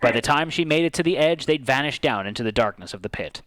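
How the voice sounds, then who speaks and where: A man's voice: medium pitch, lively intonation, fast, a bit bright, dry recording, rough recording. A man as game master, reading a tabletop game's story aloud with dramatic storytelling.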